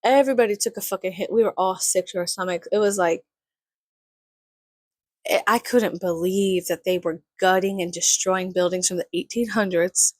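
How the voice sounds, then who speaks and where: A woman's voice: mid-range voice, dry recording. A woman, ranting in a heated, sweary, rambling way. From San Antonio, Texas. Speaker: vlogger. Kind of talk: profane casual rant.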